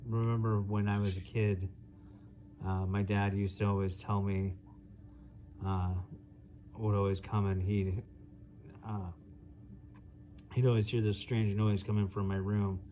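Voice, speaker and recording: A young man doing a halting, deadpan stand-up set over a video call, full of fillers. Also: lowish voice, slight background noise. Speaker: stand-up comedian.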